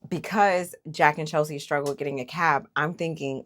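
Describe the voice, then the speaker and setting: Low-pitched woman host, talky and opinionated, casual reality-TV recap. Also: fairly quick, hardly any pauses. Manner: opinionated, animated, lots of fillers.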